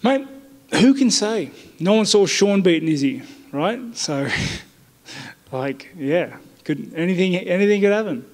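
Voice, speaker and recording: Aussie fighter at media day: relaxed, blunt, slightly high-pitched, reverberant room. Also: male voice, a little slow. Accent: Australian. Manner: blunt, laid-back, says mate often. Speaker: fighter interviewed by press. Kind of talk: casual press interview. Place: media day press area indoors.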